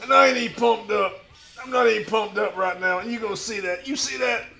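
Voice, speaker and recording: A man playing a crude, boastful washed-up pro wrestler who talks about himself in the third person and shouts his lines. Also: high voice, brisk, faint music behind, exaggerated voice. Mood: swaggering bravado. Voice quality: gravelly, shouty bravado. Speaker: streamer in character. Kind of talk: improvised comedy stream.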